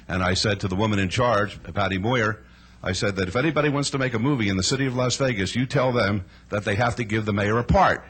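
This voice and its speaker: A man serving as mayor, telling a story at a council meeting and acting out the quotes, with shouting at times. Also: on the low side, fast talker, breathy edge.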